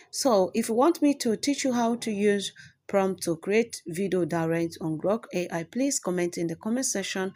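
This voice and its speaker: A woman's voice: lowish voice, darkish tone. A woman hosting a step-by-step tutorial, explaining as she goes and often checking in with "okay". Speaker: tutorial host. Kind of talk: screen-recording tutorial.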